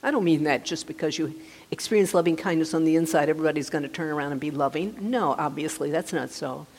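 A woman meditation teacher giving a gentle, conversational dharma talk, often restarting her sentences. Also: low-pitched, fast, breathy edge. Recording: reverberant hall.

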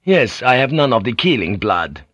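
A man's voice: mid-range voice, big pitch swings, normal speed, a bit bright, dry recording, dull audio. A man voicing a blunt, foul-mouthed male ship's pilot who talks in crude oaths. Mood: mocking. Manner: crude, oath-laden, scornful.

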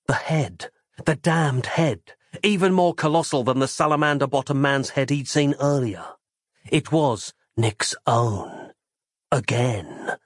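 Brief: male narrator, mid pitch, dramatic measured audiobook read, dry studio sound. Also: dry recording.

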